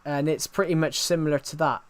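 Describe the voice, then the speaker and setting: A man's voice: a little high, steady tone, fairly quick, smooth. Rambling man streaming from home. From England. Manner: rambling, many restarts and fillers, answering chat. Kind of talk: casual live-stream chat.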